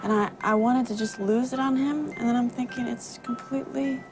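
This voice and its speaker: A woman's voice: a little high, steady tone, brisk, over music. A woman filmmaker recording herself inside a parked RV on a deserted road, ranting and swearing in fury. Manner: furious profane shouting. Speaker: documentary filmmaker. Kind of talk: raw documentary self-recording.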